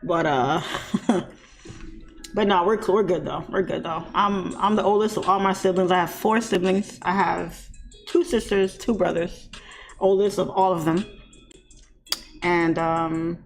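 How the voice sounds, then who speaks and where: A woman telling a childhood story to her live-stream chat in a casual, animated way, laughing often and shrieking when she mimics other people. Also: fairly low pitch, measured pace, long pauses, soft background music.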